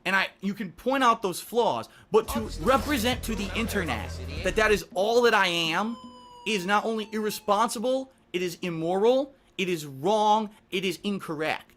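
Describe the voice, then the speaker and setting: A man with a high-pitched, sharp and forceful voice delivers an indignant rant straight to camera. He hammers his points home by repeating whole phrases, his speech swelling with grievance. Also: animated, moderate pace, slight background noise. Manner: emphatic, repetitive, indignant. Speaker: content creator. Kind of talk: emotional ranting speech to camera.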